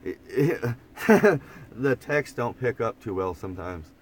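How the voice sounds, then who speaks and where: A man's voice: medium pitch, big pitch swings, measured pace. A man with an Oklahoma twang chatting casually on a morning live stream from inside an old camper van, rambling and easygoing, often restarting his words. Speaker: vlogger. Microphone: phone propped up in front of him.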